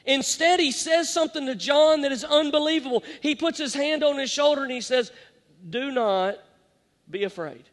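High-voiced man preaching in a hall. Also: fairly even intonation, brisk, hardly any pauses. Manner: dramatic, varies loud and soft, quotes scripture. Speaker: pastor. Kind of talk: sermon. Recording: long hall reverb.

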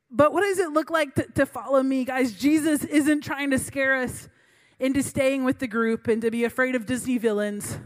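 In a high-pitched voice at normal speed, a young woman preaches through a funny story from her own experience. She is talkative and self-mocking, with laughs between lines.

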